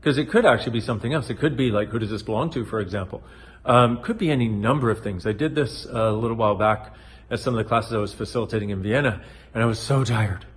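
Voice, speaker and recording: A middle-aged man giving a casual motivational talk to camera, playful and animated, wandering off track and swearing now and then. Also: fairly low pitch, fast talker. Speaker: self-help video host.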